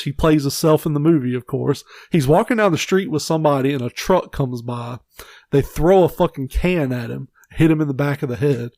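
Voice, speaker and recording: A man with a fairly high voice chatting on a podcast, swearing freely and telling stories with lively energy. He breaks into loud impressions as he goes. The sound is close and dry, with no room around it. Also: no echo. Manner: profane, animated storytelling with shouted impressions. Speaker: podcast co-host. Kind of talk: casual chat.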